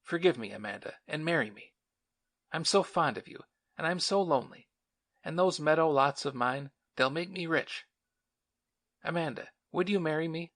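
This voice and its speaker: A man's voice: fairly high pitch, animated, moderate pace, a bit bright, voice pushed up. A man voicing a lovesick older colonel who pleads earnestly and breathlessly. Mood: pleading.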